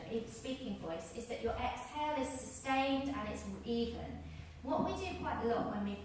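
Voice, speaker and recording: A woman leading a yoga teacher training workshop, calmly explaining and demonstrating sounds. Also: on the high side. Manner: demonstrates sounds, calm and instructive. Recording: very echoey room, voice far from mic, faint noise.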